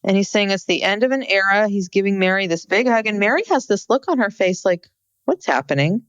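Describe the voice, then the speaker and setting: A woman's voice: mid-range voice, fast talker, clean tone, no room sound, dull audio. A woman co-hosting a podcast in casual chat, giving wry, skeptical commentary. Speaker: podcast co-host. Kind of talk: casual chat recapping a reality show.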